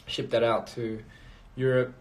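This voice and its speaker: A man's voice: medium pitch, flat delivery, measured pace. A man chatting casually on a phone livestream, rambling and reading out viewer comments. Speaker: livestream host.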